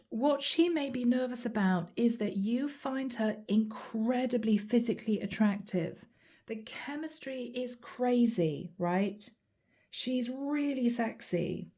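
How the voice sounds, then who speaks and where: Woman tarot reader, earnest, talks straight to the listener, fairly high, mellow tone. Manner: earnest, repeats questions, addresses listener directly. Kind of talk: channeled tarot reading.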